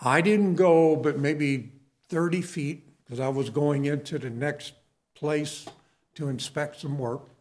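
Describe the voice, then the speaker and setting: A man's voice: on the high side, slow, a little mellow. A middle-aged man preaching a sermon, telling his own story in a conversational way and asking the listeners questions.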